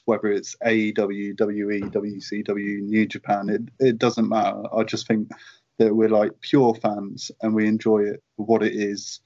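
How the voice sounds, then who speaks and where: A British man near forty, guesting on a chat show, with a fairly low voice. He rambles through anecdotes with fillers and easy laughter. The sound is dull and lo-fi, like a remote call. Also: darkish tone. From United Kingdom. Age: late 30s. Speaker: guest, merchandise writer. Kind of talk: casual anecdote in interview.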